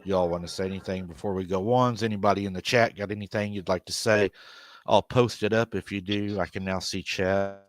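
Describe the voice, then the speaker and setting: A man's voice: low-pitched, fairly even intonation, fairly quick, a little hiss or hum. A man hosting a live paranormal stream, retelling a family's story and quoting the people in it. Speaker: paranormal show host.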